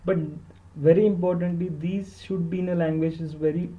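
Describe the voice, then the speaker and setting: A man's voice: a little high, flat delivery, a little fast, lo-fi sound. Earnest Indian man giving study tips. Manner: earnest and emphatic, repeats words for stress, switches into Hindi. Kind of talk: instructional podcast talk.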